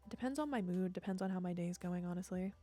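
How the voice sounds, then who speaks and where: A woman's voice: lowish voice, quick pace, dark tone, soft background music. A young woman streamer chatting casually with her viewers, chatty and self-mocking, often laughing at herself.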